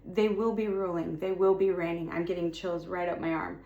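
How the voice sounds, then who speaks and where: A woman's voice: lowish voice, level tone, normal speed, warm tone, highs cut off. Woman doing a fired-up spiritual pep talk to her viewers, repeats herself a lot, echoey room. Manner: fervent and repetitive, with emphatic declarations. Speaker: spiritual content creator. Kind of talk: impassioned spiritual encouragement to viewers. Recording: roomy echo with faint ambience.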